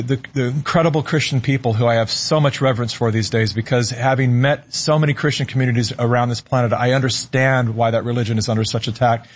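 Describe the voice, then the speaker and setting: Here a middle-aged man, guesting on a talk show, earnestly works through a personal story, pausing and repeating words as he searches for them. He speaks in a mid-range voice.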